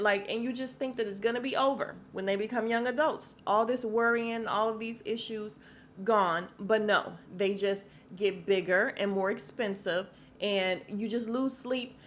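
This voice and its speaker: A middle-aged woman hosts her own podcast alone, talking loosely and candidly and rambling between stories. Her voice sits in an ordinary middle register, and a faint hiss runs under it. She drops low and quiet on sad news, then turns loud and exasperated when she vents. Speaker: podcast host. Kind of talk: casual solo commentary.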